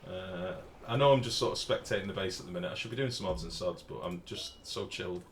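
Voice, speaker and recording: A man's voice: deep voice, fast, slight background noise. An English man chatting casually while live-streaming a game, swearing freely and reading out chat messages. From England.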